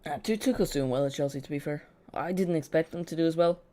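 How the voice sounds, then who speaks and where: Speaking fast in a dark-toned voice of ordinary middle pitch, this host chats his way through a live football match for viewers following along, with no script. His sentences frequently break off and restart as he corrects himself, and he drops in dry sarcastic remarks between the match talk.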